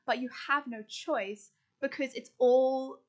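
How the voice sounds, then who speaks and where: A young woman co-hosting a casual podcast, explaining ideas in a quick, rambling, giggly way. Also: high-pitched, steady tone. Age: young adult. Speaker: podcast co-host. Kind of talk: casual chat.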